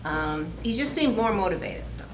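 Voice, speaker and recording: A woman's voice: mid-range voice, lively intonation, moderate pace, noisy background. A woman trainee answering the trainer's questions thoughtfully, with some hesitation. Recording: echoey room from far off.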